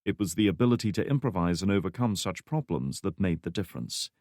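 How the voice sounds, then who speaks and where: Low-voiced man narrating an audiobook. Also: lively intonation, fast talker, a little mellow, no echo, studio quality. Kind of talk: scripted narration.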